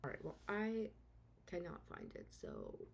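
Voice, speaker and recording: A woman with a somewhat low voice hosts a true-crime podcast in loose, unscripted storytelling. She swears freely and lets her indignation show as she talks. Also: huge pitch swings, measured pace, vocal fry, a little hiss or hum. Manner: blunt, swears freely, gets openly indignant. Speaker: podcast host.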